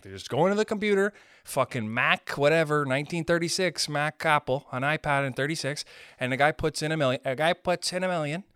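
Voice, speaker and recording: A man's voice: on the high side, brisk, a bit bright, clean tone, no room sound, clean studio sound. A man hosting a podcast, ranting casually with lots of swearing and playful jokes. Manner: profane, rambling, playful impressions of others. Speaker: podcast host. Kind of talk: casual comedic rant.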